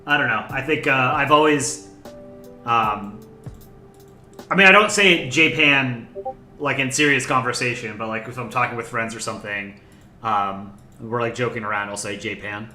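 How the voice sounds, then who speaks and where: A man casually commenting on fan art during a live stream, relaxed and rambling with lots of fillers. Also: mid-range voice, moderate pace, reverberant, faint music behind.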